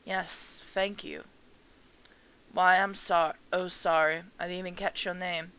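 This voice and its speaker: Casting: woman playing a grieving elderly mother in a game, soft and slow, smooth tone. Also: on the low side, flat delivery, low-quality recording. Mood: polite.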